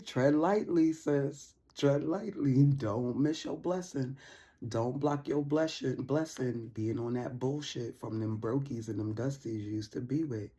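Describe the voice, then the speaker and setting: A woman giving a casual tarot reading, talking in an animated, slangy, playful way and laughing often. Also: very deep voice, measured pace, breathy edge. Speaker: tarot reader.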